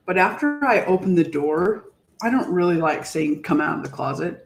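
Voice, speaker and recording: A woman with a lowish voice co-hosts a podcast, speaking casually and from the heart, reflective and halting as she searches for words. The room sounds echoey.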